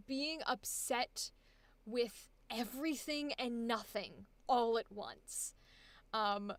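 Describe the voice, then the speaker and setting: A young woman leading a live voice acting coaching session, chatty and encouraging and quick to laugh. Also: on the high side, a bit bright, no room sound.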